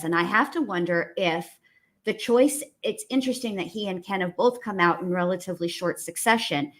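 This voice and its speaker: A woman co-hosting a casual commentary chat, reasoning in a measured, plainspoken way with folksy phrases. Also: mid-range voice.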